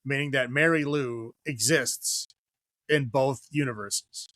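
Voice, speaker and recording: A man co-hosting a podcast, chatting casually and ramblingly about movies and acting out characters in quick quotes. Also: mid-range voice, a bit bright, no room sound, clean studio sound. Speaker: podcast co-host. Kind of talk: casual film review chat.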